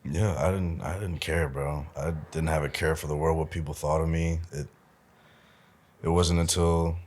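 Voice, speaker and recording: A man's voice: a bass voice, fairly even intonation, normal speed, darkish tone. A young man from Omaha chatting as a podcast guest, laid-back, laughing often and calling the host "bro". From Omaha, United States. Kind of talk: casual interview chat.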